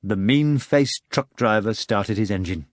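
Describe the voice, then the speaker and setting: An audiobook narrator with a fairly low voice reads scripted text a little slowly. The sound is dry and close, with no room ambience.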